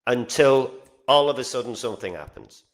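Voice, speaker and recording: A man from England with a Northern English accent, a guest talking earnestly in a casual interview, getting animated as he tells stories. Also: medium pitch, moderate pace. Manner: earnest, animated when telling stories, frequent restarts. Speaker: podcast guest.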